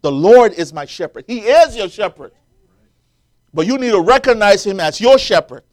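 A man's voice: high voice, expressive, normal speed, darkish tone. A man preaching a sermon, quoting scripture and building to emphatic, rising peaks as the congregation answers.

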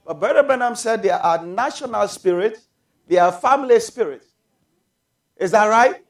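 A man preaching a sermon to his congregation, calling for amens and shouting out drawn-out phrases. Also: high-pitched, expressive. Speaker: pastor.

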